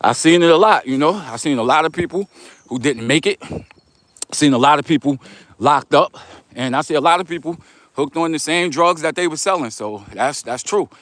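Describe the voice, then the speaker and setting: A man's voice: on the high side, animated, moderate pace, a bit bright, no room sound. A middle-aged man with a New York accent, walking outdoors before dawn and reading live chat comments aloud in a laid-back, streetwise way. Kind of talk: casual livestream chat while walking.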